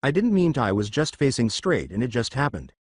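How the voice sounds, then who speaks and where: A man's voice: mid-range voice, very animated, a little fast, breathy edge, no echo. A man voicing a brash, flustered teenage boy ninja in a fan-fiction reading.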